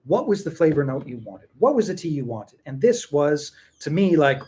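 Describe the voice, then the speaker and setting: A man's voice: fairly high pitch, sing-song, fast, darkish tone. A man hosting a casual tea tasting chat, rambling and repeating himself for emphasis. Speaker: tea seller and show host.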